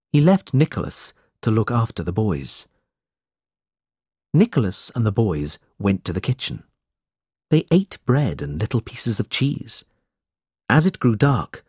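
A man narrating an audiobook in a slow, measured reading style. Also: lowish voice, a little mellow, husky, no echo, studio quality.

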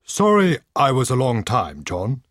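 A kindly country squire speaks in a calm, measured manner, as a man reads him. The voice has a husky edge and moves a lot in pitch. It is a storybook reading on a dry recording. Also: no echo, heavily acted.

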